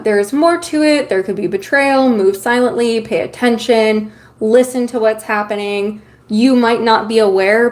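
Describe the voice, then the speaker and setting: A woman streamer chatting casually with her viewers while reading tarot cards, loose and talkative with lots of filler ums. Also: fairly high pitch. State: has the hiccups. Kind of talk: casual live-stream chat.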